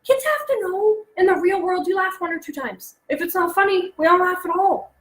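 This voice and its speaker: A woman in her thirties presenting alone to parents, chatty and animated, acting out her son's jokes as she goes. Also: extremely high pitch, normal speed, roomy sound, rough recording. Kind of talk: solo online talk to parents. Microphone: close mic, alone presenting online.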